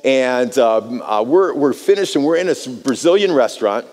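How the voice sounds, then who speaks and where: An American man preaching a sermon, telling a personal story in an animated way and often repeating words as he starts a phrase. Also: medium pitch, normal speed, soft background music. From United States. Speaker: pastor. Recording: long hall reverb.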